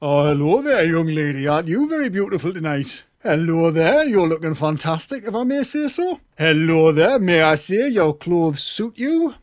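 A woman's voice: fairly low pitch, very animated, normal speed, no room sound, studio quality, pitched below the performer's own voice. A woman putting on the voice of a gallant, flirty male game character, playfully courtly. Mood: flirtatious.

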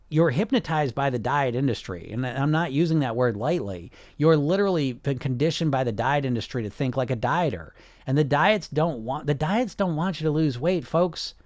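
A man's voice: medium pitch, a little mellow, dry recording. Blunt, passionate man with a dry sound. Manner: blunt and passionate, swears, many restarts. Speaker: podcast host and weight loss coach. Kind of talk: casual unscripted podcast talk.

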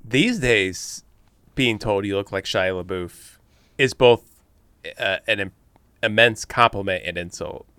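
A man's voice: lowish voice, expressive, measured pace, bright, forceful tone, clean tone, dry recording. A man co-hosting a podcast, joking in casual, crude banter. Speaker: podcast co-host. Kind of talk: casual chat.

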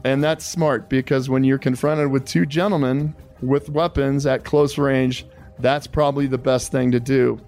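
A man's voice: mid-range voice, fairly even intonation, unhurried, a little mellow, soft background music. A man hosting an interview, politely calling his guest sir and telling a survival scenario step by step. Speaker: podcast host.

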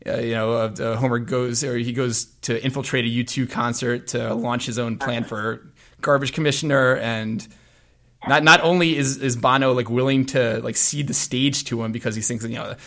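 Gravelly man hosting a casual music podcast. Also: medium pitch, fairly even intonation, normal speed, a bit bright. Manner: long, meandering sentences. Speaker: podcast host.

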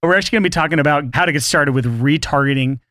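A young adult man with a slightly raised pitch co-hosts a podcast and teases his partner with wry humor. He talks in a loose, casual way. The sound is close and dry. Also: rapid-fire, sharp tone, no echo. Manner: teasing, wry, laughs often. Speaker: podcast co-host. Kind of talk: casual chat.

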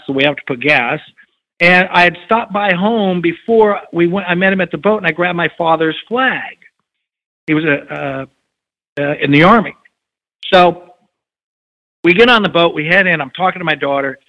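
Middle-aged male guest, high-pitched, animated storyteller, muffled lo-fi audio. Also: normal speed. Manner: animated, acts out quoted dialogue. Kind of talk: casual storytelling interview.

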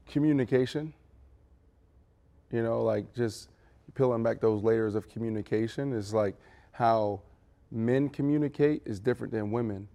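A middle-aged man co-hosting a casual podcast, telling stories animatedly. His voice has a gravelly rasp at a middle pitch, and he jumps into punchy asides. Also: normal speed, pauses often. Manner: animated, acts out quotes with big voices. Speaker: podcast co-host. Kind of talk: casual chat.

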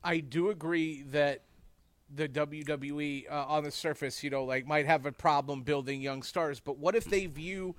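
A man with a notably high speaking voice hosts a casual podcast conversation. He talks emphatically and keeps checking in with rhetorical questions. The recording is dry, with the mic close. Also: steady tone, moderate pace, no room sound. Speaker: podcast host. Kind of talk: casual wrestling chat.

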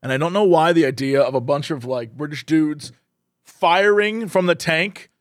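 A man's voice: fairly high pitch, normal speed, no room sound, clean studio sound. A man co-hosting a podcast, making wry, joking asides in casual chat. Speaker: podcast co-host.

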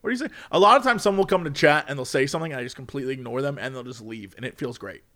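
A man, a streamer, chatting casually and acting out chat messages in a high, excited voice. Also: rapid-fire.

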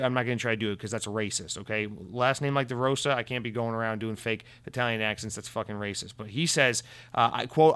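A man's voice: medium pitch, steady tone, brisk, a bit bright, smooth. A man hosting a casual gaming news commentary, sarcastic and ranting, swearing often.

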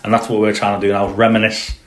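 A man's voice: on the low side, completely flat delivery, quick pace, a bit bright. A man co-hosting a football podcast in casual chat, rambling with plenty of fillers and restarts. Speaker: podcast co-host. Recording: roomy echo.

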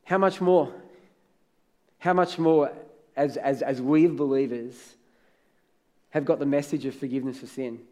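A man's voice: mid-range voice, unhurried, long pauses, dark tone. A man preaching a sermon as pastor, conversational, telling stories and building to emphatic peaks.

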